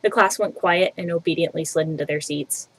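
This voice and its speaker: A woman's voice: lowish voice, a little fast, slight background noise. A young woman reading a visual novel aloud, tossing in casual asides between the narration. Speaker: let's play reader.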